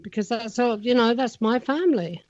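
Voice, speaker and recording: A woman's voice: fairly high pitch, moderate pace, darkish tone, no echo. A woman co-hosting a paranormal podcast in casual chat, playful and teasing. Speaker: podcast co-host. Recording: dull lo-fi remote audio.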